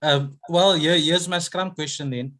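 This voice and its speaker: A man's voice: a little high, steady tone, a little slow, bright, forceful tone. A man asking a player questions at a press conference in a friendly, teasing way. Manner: friendly, teasing, laughs easily. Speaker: reporter.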